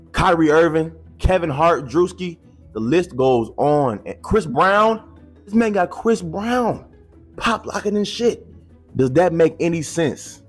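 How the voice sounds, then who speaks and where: A man talks straight to camera in loose, slang-filled vlog commentary, tossing in cocky jokes about himself. His voice has a husky grain and sits at an ordinary middle pitch. Soft music plays underneath. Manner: slangy, joking, boastful asides. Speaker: YouTuber commentator.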